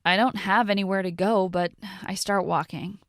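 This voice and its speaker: Woman storyteller, steady intimate narration, gravelly voice, dry close sound. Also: medium pitch, normal speed, dry recording. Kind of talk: first-person story reading.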